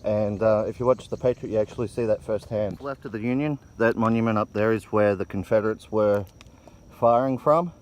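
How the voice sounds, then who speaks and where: Excitable man narrating outdoors. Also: fairly low pitch, brisk, dull audio. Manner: excited, vivid retelling. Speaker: vlogger filming the tour. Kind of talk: casual walking tour commentary. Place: outdoors on a hillside battlefield.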